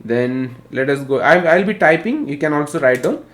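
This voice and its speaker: A man's voice: mid-range voice, animated, moderate pace, fairly bright tone. A male teacher with an Indian English accent giving an online literature class, spelling out terms and repeating definitions.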